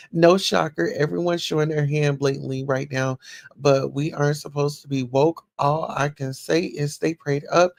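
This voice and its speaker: Woman livestreamer reading comments and reacting, gravelly voice, dry close sound. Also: deep voice, no echo. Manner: chatty, reacts aloud while reading. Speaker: livestream host. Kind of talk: casual chat reading news and viewer comments.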